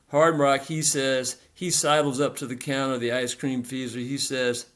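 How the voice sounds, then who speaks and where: A man narrating a literary story in a rhythmic, repetitive, deliberate delivery. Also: mid-range voice, level tone, fairly bright tone.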